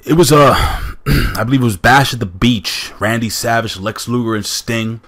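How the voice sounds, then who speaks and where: A man's voice: medium pitch, normal speed, fairly bright tone. A man hosting a casual countdown commentary, talking enthusiastically and straight to his viewers. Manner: enthusiastic, addresses viewers directly. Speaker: host.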